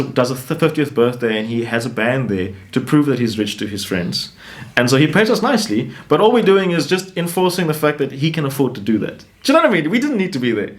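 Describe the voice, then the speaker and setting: A man in an interview talks loosely about his own life, rambling and restarting. His voice sits at an ordinary middle pitch, but it leaps up often and sharply when he stresses a point. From South Africa. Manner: rambling and animated, with restarts and rising emphasis. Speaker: interview guest. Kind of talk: casual storytelling.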